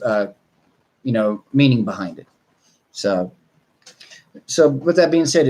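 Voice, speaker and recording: A man's voice: medium pitch, darkish tone. A man, a dog trainer, talking casually to viewers in a rambling, blunt way with mild swearing.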